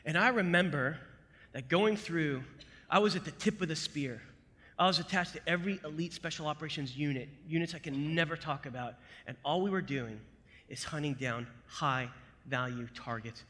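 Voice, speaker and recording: A man from the United States, a military veteran, telling his story to a live audience in an animated way, dropping to hushed asides and then punching out loud bursts. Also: on the high side, normal speed. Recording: echoey hall with long reverb.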